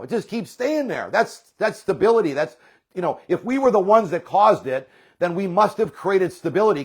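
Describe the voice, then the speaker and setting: A man leading a network marketing team, giving a fired-up, rambling motivational talk that repeats itself. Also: on the high side.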